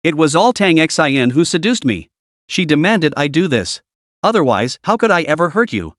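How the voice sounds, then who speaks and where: A man's voice: a little high, sing-song, moderate pace, a bit bright, no room sound, studio quality. A man voicing a cowardly, treacherous young man who begs in panic. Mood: panicked. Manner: panicked begging.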